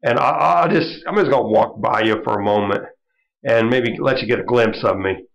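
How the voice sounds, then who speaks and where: A folksy, matter-of-fact God figure who speaks in an offhand way with a gravelly edge, as a male teacher voices him. The recording is dull and lo-fi. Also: medium pitch, normal speed, close to an everyday voice. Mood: casual.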